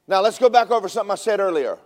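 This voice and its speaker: A man preaching a sermon as pastor, telling stories with animated delivery that rises to shouting at its peaks. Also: sits high, very fast.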